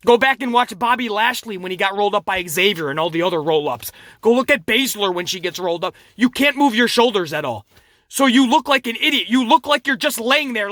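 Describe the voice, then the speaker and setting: Bright-voiced animated wrestling reviewer man. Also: high voice, brisk, dry recording, clean studio sound. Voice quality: animated, swearing, laughs at his own jokes. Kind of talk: casual profane commentary.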